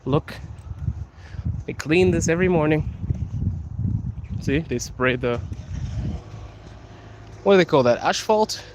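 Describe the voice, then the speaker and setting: African man, mid-pitched, slow and easygoing, live-streaming a street walk over noisy traffic ambience, chatty and laughing. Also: a little mellow. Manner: chatty, laughs often, answers viewers' comments. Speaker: vlogger. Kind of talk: live-streamed walking vlog. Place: outdoors on city streets. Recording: noisy outdoor street recording.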